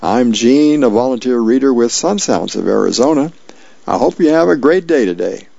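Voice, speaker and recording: A man's voice: mid-range voice, expressive, normal speed, creaky, mellow, dry recording. A man volunteering as a radio reader, reading the newspaper aloud plainly with small slips, in a dull lo-fi radio recording.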